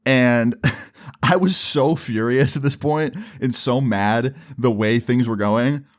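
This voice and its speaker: With a mid-range voice and a slow pace, a young man casually tells a story to the camera. This storytelling vlogger sounds exasperated as he recounts it, swearing freely throughout.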